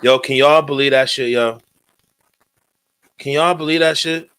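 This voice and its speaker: Man, talk radio host, heated rant, profane, bright forceful tone. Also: mid-range voice, fairly even intonation, a little slow, clean tone. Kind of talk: angry talk radio commentary.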